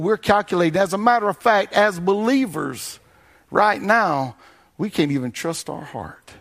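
A man preaching a sermon, swinging between sing-song swells and low quiet passages.

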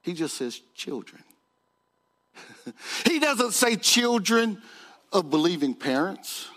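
Male preacher, high voice, sermon delivery, repeating key phrases for emphasis. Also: very animated, slow pace, long pauses, fairly bright tone. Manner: preaching with rising emphasis and repetition.

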